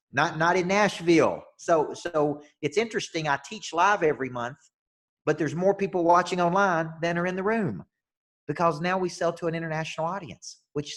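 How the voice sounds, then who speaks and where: A man from the United States, a business coach talking as a podcast guest, tells stories emphatically and often repeats his first words as he starts a sentence. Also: a little high. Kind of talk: energetic storytelling in a podcast interview.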